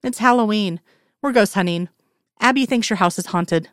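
Woman reading blunt teen girl, deadpan, flat, unimpressed, dry close sound. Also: mid-range voice, moderate pace, dry recording, close to an everyday voice. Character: unimpressed teenage girl, about fifteen, blunt.

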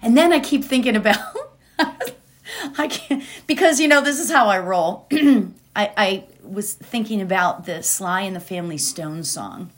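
A woman giving a slow, gentle inspirational talk that moves into a guided meditation. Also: fairly low pitch. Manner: slow, gentle, drawn-out phrasing with soft laughs. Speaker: spiritual speaker leading a meditation.

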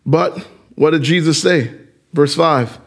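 A man preaching a sermon as pastor, animated and addressing the congregation with direct questions. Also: fairly high pitch, takes it slowly.

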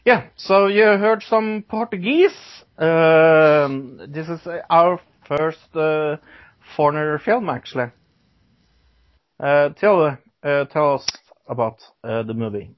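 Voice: medium pitch, slow pace, dry recording. A podcast host chatting casually about movies, hesitant with many fillers. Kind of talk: casual chat. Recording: dull lo-fi, dry sound.

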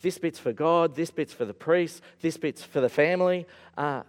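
A male preacher giving an animated, storytelling sermon in a church. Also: a little high, moderate pace. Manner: animated storytelling with acted-out voices. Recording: echoey hall.

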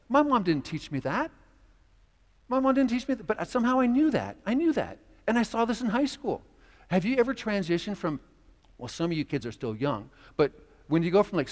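A man pastor preaching a sermon, telling stories and acting out the voices of the people in them. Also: a little high. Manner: storytelling, animated, acts out quoted voices. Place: church sanctuary. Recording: long hall reverb.

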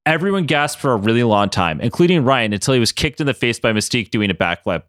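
A man's voice: mid-range voice, fast talker, no room sound, studio quality. Man narrating a playful comedic story. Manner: playful, animated, laughing often. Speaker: podcast host.

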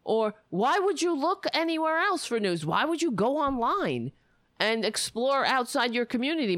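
A woman's voice: on the high side, fairly bright tone, no echo. A woman delivering an angry, profane political rant full of sarcasm.

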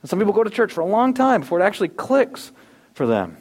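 A man delivering a sermon with a fairly high-pitched voice. He preaches emphatically, stressing key words and then dropping suddenly to a soft, low tone. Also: sing-song, fast. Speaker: pastor.

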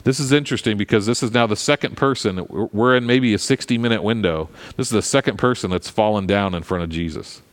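A pastor giving a sermon in a conversational, animated way, with frequent asides to the congregation. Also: male voice, lowish voice, brisk, hardly any pauses. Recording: long hall reverb.

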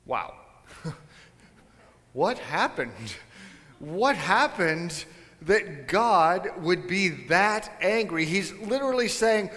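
A man preaches in a church sanctuary, talking to his congregation in a loose, conversational way and tossing in jokey asides. His voice sits a little high for a man. The sound hangs in a long hall reverb. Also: animated, slow, long pauses, a bit bright. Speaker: pastor. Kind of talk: sermon.

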